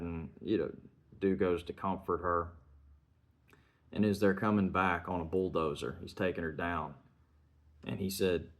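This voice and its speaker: A man reviewing a film, retelling its scenes in an earnest, measured way and chaining sentences with "and". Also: low-pitched.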